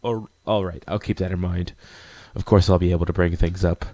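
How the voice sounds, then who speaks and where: A man voicing a quiet, awkward young newcomer who talks in a low-key, hesitant way. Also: fairly even intonation, fairly quick, dry recording, highs cut off, close to an everyday voice.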